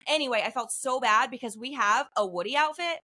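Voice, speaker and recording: A woman in her thirties co-hosting a podcast in casual chat, telling stories with lively acted-out quotes. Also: fairly high pitch, brisk. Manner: animated storytelling, acts out quotes. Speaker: podcast co-host.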